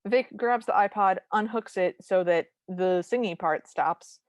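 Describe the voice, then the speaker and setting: A woman's voice: medium pitch, a little slow, no echo. A woman co-hosting a podcast, casually recapping a movie's plot beat by beat with dry asides. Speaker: podcast co-host.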